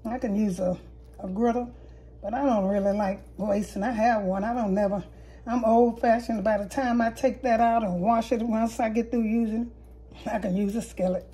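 Woman, home cook host, chatty and rambling, mellow higher voice. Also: steady tone, moderate pace. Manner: rambling, self-correcting, homey and chatty. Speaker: home cooking channel host. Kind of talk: casual cooking demonstration. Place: home kitchen.

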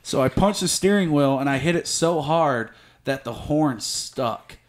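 Profane, animated man telling a wild story. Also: on the high side, measured pace, over a noisy crowd. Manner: profane, animated, acts out shouted quotes. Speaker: podcast guest.

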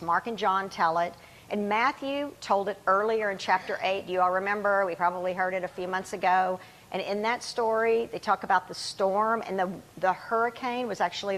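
A woman giving a sermon in a relaxed, conversational way, with informal asides. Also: mid-range voice, low-quality recording. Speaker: guest preacher.

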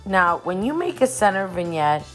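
A woman's voice: mid-range voice, big pitch swings, normal speed. A woman talking in a bubbly, gushing, rambling way, often repeating herself, as a home decor vlogger. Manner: rambling, talkative. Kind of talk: casual chatty vlog and voice-over. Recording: roomy echoey room, faint music.

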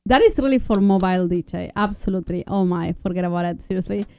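A woman co-hosting a gadget review, giggling, exclaiming often, and reading product text haltingly. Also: lowish voice, gravelly, a little mellow, clear, resonant tone. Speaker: co-host of a product review channel. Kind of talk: casual excited chat.

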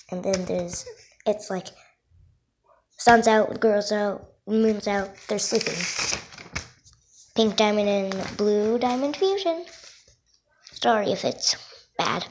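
A female vlogger shows her drawings one by one in an unhurried, halting voice. She sounds self-conscious and keeps apologizing for her work. Her mid-pitched voice comes through a noisy home recording. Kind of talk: casual show-and-tell.

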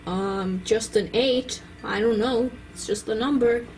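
A woman's voice: fairly high pitch, unhurried, a little mellow, soft background music. A woman voicing Benjamin, a boastful little boy. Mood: chatty. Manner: show-off exclamations. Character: boastful little boy toddler who loves math.

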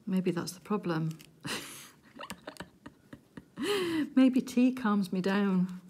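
A middle-aged woman from England chatting casually to viewers while she crafts, giggly and easily excited. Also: medium pitch, extremely slow, slightly rough. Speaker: crafting vlogger.

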